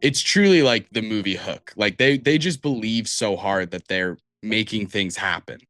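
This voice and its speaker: A man's voice: lowish voice, normal speed, fairly bright tone, no room sound, studio quality, faint music behind. Guy running a dnd game, chill and rambly, lots of likes. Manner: casual, rambling, frequent "like". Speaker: dungeon master. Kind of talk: narrating a tabletop game.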